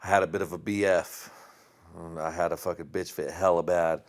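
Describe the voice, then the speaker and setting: A man's voice: low voice, fairly even intonation, moderate pace. A man hosting a casual podcast, telling stories in a rambling, profane way with bursts of laughter, a little tipsy from drinking. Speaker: podcast host.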